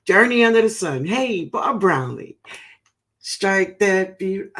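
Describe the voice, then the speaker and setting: A woman greets her livestream viewers one by one, calling them baby and honey. She talks at an easy, unhurried pace. Her voice has a gravelly, fry-tinged edge. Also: medium pitch, expressive, a bit bright. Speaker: host of a gardening livestream.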